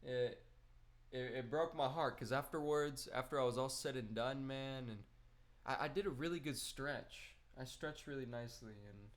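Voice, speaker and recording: A man's voice: mid-range voice, moderate pace. Laid-back young man rambling casually. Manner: rambling, laid-back storytelling with slang and swearing. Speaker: gaming streamer. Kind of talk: casual chat while gaming.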